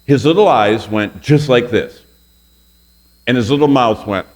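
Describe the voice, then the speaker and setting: A man's voice: mid-range voice, unhurried, a little mellow. A man in his sixties, a pastor teaching a Bible lesson to a room of college students, telling stories and asking the class questions. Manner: storytelling, quizzes the audience with questions.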